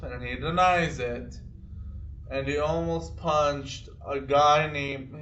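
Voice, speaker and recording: Young guy rambling thru his stories, kinda high voice, dull muffled room sound. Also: a bit bright. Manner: rambling, halting, with many restarts. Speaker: vlogger telling personal stories. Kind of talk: casual storytelling to camera. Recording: distant mic in an echoey room, dull sound.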